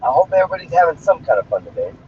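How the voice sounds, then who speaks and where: A man's voice: fairly high pitch, big pitch swings, racing, a little hiss or hum. A man chatting casually on a livestream, talking loosely with profane street slang, from inside a car. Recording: slightly dull lo-fi stream audio.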